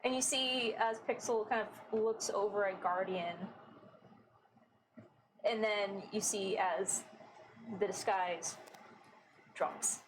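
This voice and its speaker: A woman running a tabletop game as game master, narrating in a casual, halting way with slow dramatic pauses. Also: mid-range voice, steady tone, a little hiss or hum, rough recording.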